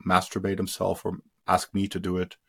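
A man who grew up in India, a guest in an interview giving personal testimony, speaking haltingly with many fillers and restarts and trailing off quietly. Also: low-pitched, completely flat delivery, creaky, husky. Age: adult.

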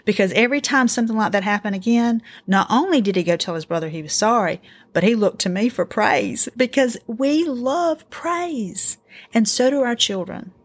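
A middle-aged woman hosting a casual faith-based parenting talk, earnest and encouraging, telling family stories in an animated way. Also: a little high, moderate pace, slightly rough. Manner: earnest, encouraging, animated storytelling with acted quotes. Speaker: podcast host.

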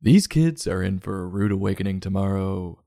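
A man hosting a sarcastic comedy book review, mocking the story and breaking into loud silly voices. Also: low-pitched, animated, moderate pace, gravelly, no room sound, studio quality. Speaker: podcast host.

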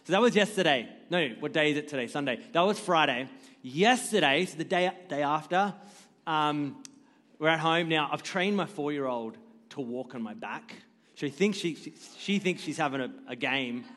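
A man's voice: a little high, normal speed, fairly bright tone, in a large hall. A man in his thirties preaching as a guest pastor, joking and self-deprecating as he tells stories about his family. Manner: jokey, self-deprecating storyteller. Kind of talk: sermon. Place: church stage.

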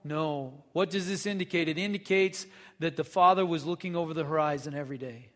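A man's voice: on the high side, fairly quick, fairly bright tone. Man preaching in a reverberant hall. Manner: conversational preaching, reads scripture then asks the congregation questions. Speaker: pastor. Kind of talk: sermon.

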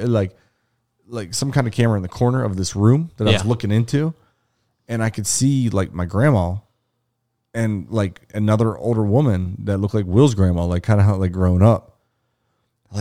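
A young man co-hosting a podcast tells a long, profane story in casual conversation, acting out the quoted lines. His voice is fairly low in pitch with a dark tone.

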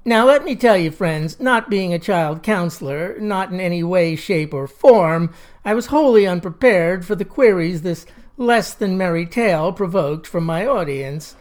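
A woman's voice: fairly low pitch, lively intonation, measured pace, darkish tone. A woman telling a comic story in a wry, folksy, drawling manner. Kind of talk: comic monologue.

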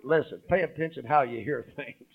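A man preaching a sermon. He calls out to the congregation, swings from loud emphasis to hushed asides, and reads scripture aloud. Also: medium pitch, a little fast, vocal fry, breathy edge, phone-quality sound.

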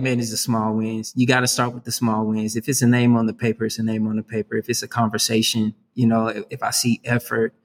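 A man with an average pitch talks in an easy, conversational way. He sounds upbeat and earnest, and he drops "man" and "right?" into nearly every sentence. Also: a bit bright. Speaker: youth worker, guest. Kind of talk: conversational interview.

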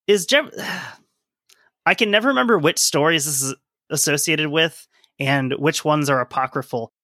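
Man, higher voice, bright tone, podcast co-host, joking casual chat. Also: a little slow, dry recording, studio quality. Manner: joking, chatty asides.

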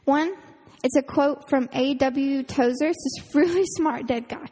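A woman camp counselor, giving a casual, earnest youth sermon full of fillers and quick laughs. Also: high voice, dark tone. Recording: reverberant hall.

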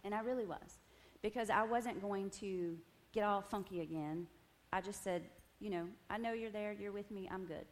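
A woman's voice: mid-range voice, normal speed, few pauses. A woman giving a personal testimony to a group at tables, telling her story animatedly with laughter and frequent asides to the room. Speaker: women's ministry speaker.

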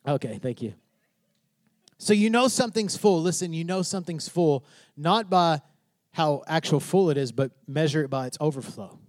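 A man's voice: on the high side, normal speed, no room sound. A pastor preaching to his congregation, asking questions and building to fervent emphasis. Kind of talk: sermon.

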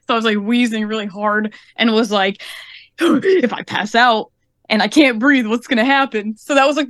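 A woman's voice: a little high, a bit bright, no echo, clean studio sound. A woman in her twenties, a podcast co-host telling a story in a rambling, breezy way. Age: 20s. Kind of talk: casual chat.

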